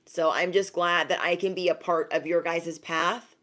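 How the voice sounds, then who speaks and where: A young woman chatting casually on a livestream as an intuitive reader, animated and laughing often, thanking viewers by name. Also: on the low side, moderate pace.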